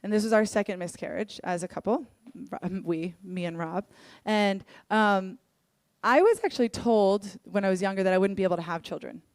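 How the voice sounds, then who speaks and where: A young adult woman leading worship, telling personal stories in an earnest, candid sermon and acting out what people said in lively voices. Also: medium pitch, a little fast, dry recording. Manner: earnest, candid storytelling with lively acted-out quotes. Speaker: worship leader.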